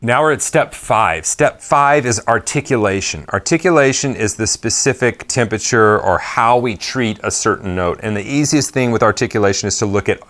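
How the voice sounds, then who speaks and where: A man's voice: fairly low pitch, a bit bright. A man giving a casual drum lesson at his kit, talking in a loose, chatty way with rambling asides. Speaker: drum teacher.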